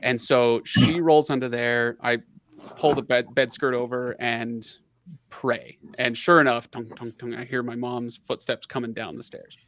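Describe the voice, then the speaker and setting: Animated, laughing man telling a story. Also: mid-range voice, unhurried. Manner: animated, laughing, many fillers. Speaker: livestream host. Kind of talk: casual storytelling.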